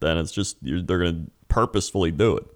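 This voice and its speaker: A man's voice: deep voice, fast. A man, a streamer, chatting casually and mimicking viewers in a raised voice. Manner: relaxed, mimics chat in raised voice. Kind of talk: casual chat.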